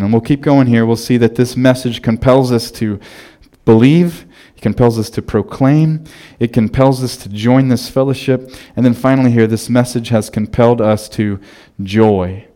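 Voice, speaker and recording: Here a male pastor in his thirties tells stories from the pulpit in a laid-back, conversational way, frequently starting over mid-sentence. His voice is mid-range and his pace moderate.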